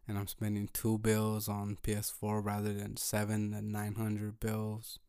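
A low, gravelly-voiced man speaks slowly and evenly on his solo podcast. He has a laid-back, low-energy way of talking and thinks aloud as he goes. The sound is close and dry. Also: no room sound. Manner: slow, calm, thinking aloud. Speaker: podcast host. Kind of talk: solo motivational podcast talk.

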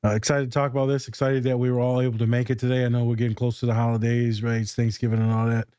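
A man's voice: medium pitch, little pitch movement, rapid-fire, dark tone, smooth, no echo, highs cut off. A man co-hosts a casual podcast, chatting in a mid-range voice with a playful, teasing streak. His sound is close and dry. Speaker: therapist and podcast co-host.

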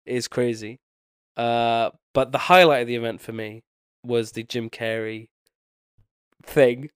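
A man's voice: medium pitch, steady tone, unhurried, smooth, no echo, clean studio sound. A young man with a nasally voice, sick with a bad cold and short on sleep, chatting casually and rambling as a podcast co-host. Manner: rambling, loses his train of thought. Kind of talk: casual chat.

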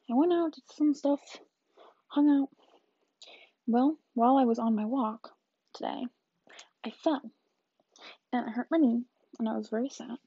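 A woman's voice: on the high side, mellow, husky, no echo, dull audio. An eighteen-year-old woman chatting through a rambling vlog story, often dropping into whispered asides. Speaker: vlogger.

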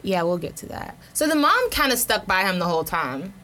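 A woman co-hosting a casual discussion, telling a story in a lively way. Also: medium pitch, fairly quick. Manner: animated storyteller. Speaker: podcast co-host.

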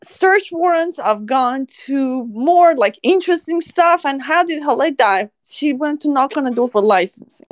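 A woman animal services officer recounts a story in a casual podcast chat, her voice sitting high. She laughs often as she goes, and the sound is close and dry. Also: expressive, normal speed, hardly any pauses, dry recording.

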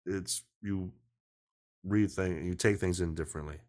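A man's voice: low-pitched, fairly even intonation, measured pace, darkish tone. A man hosting a podcast over a video call, rambling casually, swearing often and cutting himself off mid-sentence. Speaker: podcast host.

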